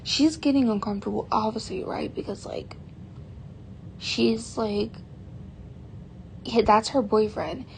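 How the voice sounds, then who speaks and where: Teen girl vlogger, fairly high pitch, vocal fry, chatty and exasperated, faint hiss behind. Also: a little slow, pauses often, a little mellow. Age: teens. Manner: chatty, exasperated, heavy use of "like". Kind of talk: casual storytime vlog.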